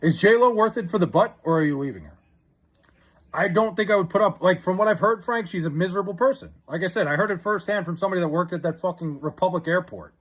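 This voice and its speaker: A man's voice: high voice, fast. A young man chatting casually on a live stream, reading chat and rambling with profanity and restarts.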